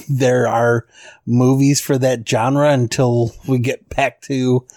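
A man's voice: medium pitch, level tone, slow, a little mellow, dry recording, studio quality. A middle-aged man co-hosting a podcast in casual chat, easygoing and self-deprecating. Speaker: podcast co-host.

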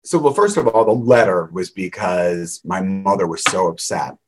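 Man, middle-aged, husky, low voice, rambling interview guest. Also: moderate pace, rough recording. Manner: rambling, with restarts, wry laughs. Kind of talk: candid conversational storytelling.

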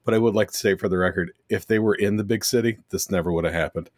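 A man's voice: lowish voice, fast talker, no echo, studio quality. A man co-hosting a movie podcast, reading from his notes in a sarcastic, mocking way. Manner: reads from notes, many fillers. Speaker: podcast co-host. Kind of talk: casual movie review chat.

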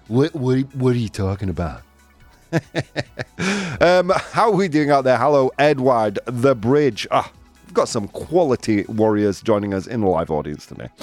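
A male radio host doing live banter, energetic and chatty, laughing often and a bit out of breath. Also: medium pitch. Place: radio studio.

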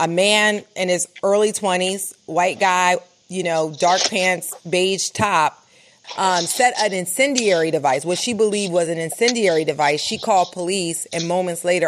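Emphatic woman reporter, lowish voice. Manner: urgent, emphatic, with many "like" fillers. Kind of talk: live interview, recounting events.

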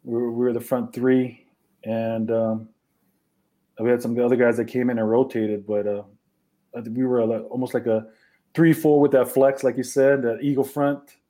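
A man from Hawaii, a former football player as guest, talking in a relaxed way with many fillers. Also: mid-range voice, normal speed. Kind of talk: casual interview.

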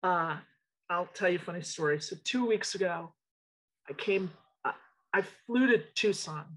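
Studio owner, woman, slightly husky voice; tells anecdotes with frank, lively emphasis. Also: lowish voice, moderate pace, rough recording. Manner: animated storyteller, emphatic and frank. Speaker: interior design studio owner. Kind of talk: casual interview storytelling.

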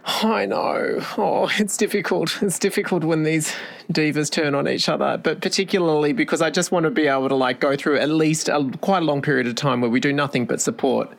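Man co-host, gravelly voice, hesitant wry chat, stammers. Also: fairly high pitch, a little fast. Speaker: podcast co-host. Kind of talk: casual chat.

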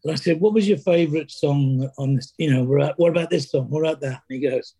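A middle-aged Englishman answers interview questions at an unhurried, storytelling pace. His voice is mellow and dark, and he starts over often and slips into quoted dialogue as he goes. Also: on the high side, breathy edge. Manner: halting, many restarts and fillers, acts out quoted lines. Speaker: interview guest, drummer. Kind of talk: conversational storytelling.

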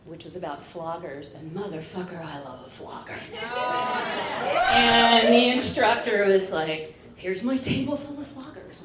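A woman telling a candid, profane personal story on stage, laughing often. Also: lowish voice. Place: stage under bright lights. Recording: echoey live venue with ambient noise.

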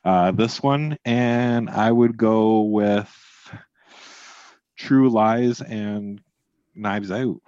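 Low-voiced man on a podcast. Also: very slow, a little mellow, no room sound, lo-fi sound. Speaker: podcast co-host. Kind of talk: casual movie podcast chat.

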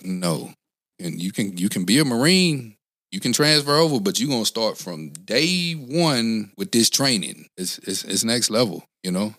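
His voice sits on the low side, animated and fairly bright, at a moderate pace with no room sound. An ex-Marine in his forties, he talks earnestly in a casual interview, rambling, restarting often and saying "you know what I'm saying".

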